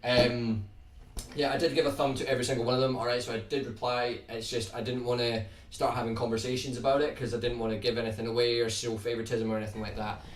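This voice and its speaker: A young Scottish man with a toned-down accent, chatting casually to viewers on his guitar livestream in a relaxed, rambling way, often restarting his words. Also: mid-range voice, fast, far from the mic. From Scotland. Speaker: guitar YouTuber hosting a livestream. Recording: roomy sound from off the mic, faint background hiss.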